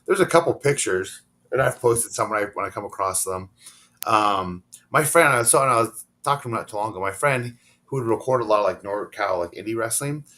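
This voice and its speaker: A man's voice: on the low side, animated, brisk, a bit bright. A middle-aged man, a professional wrestler guesting on an interview show, telling stories in a rambling, casual way and acting out the dialogue he quotes.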